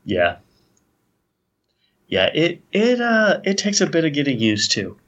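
A man's voice: on the high side, huge pitch swings, measured pace, a bit bright. A man chatting casually, responding in an easygoing way and laughing often. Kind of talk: casual chat.

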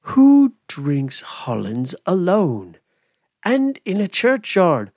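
Storybook goblin, stern and leering, drawn-out questions, lively swings in pitch; a man puts him on. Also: no room sound, clean studio sound, heavily acted.

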